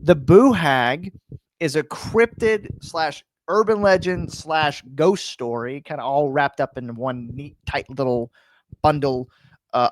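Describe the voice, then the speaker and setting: A man co-hosting a casual paranormal podcast, building up a story with dramatic pauses and lots of "you know". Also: fairly high pitch, no room sound, clean studio sound. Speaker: podcast co-host.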